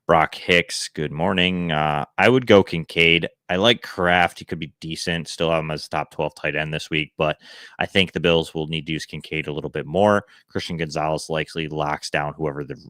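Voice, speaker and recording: A man hosting a live fantasy football advice show from home, answering viewers in a relaxed, chatty way. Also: extremely low pitch, no room sound, clean studio sound. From Buffalo area. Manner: relaxed, chatty, quick verdicts with fillers. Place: home room he calls Santa's workshop.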